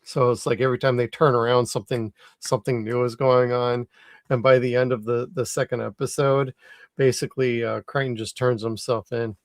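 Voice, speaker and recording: A man's voice: mid-range voice, level tone, fairly quick, no room sound, studio quality. A tired man co-hosting a podcast, chatting enthusiastically and swearing casually. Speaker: podcast co-host. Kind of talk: casual chat.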